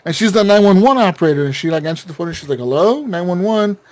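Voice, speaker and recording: A man co-hosting a gaming podcast, telling a story in casual chat, excitable and profane, with lots of fillers and acted-out quotes. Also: on the high side, racing, no room sound. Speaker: podcast co-host.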